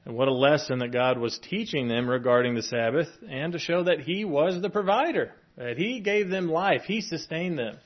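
A man's voice: on the high side, lively intonation, moderate pace, hardly any pauses. A man preaching a sermon in a conversational way, with chuckling asides between the scripture reading. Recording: dull lo-fi sound.

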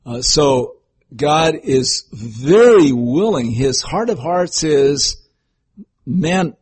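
A man's voice: mid-range voice, sing-song, takes it slowly, darkish tone, husky. An older man preaching a folksy sermon, telling homely stories and sometimes acting out voices. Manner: folksy, storytelling, breaks into acted voices.

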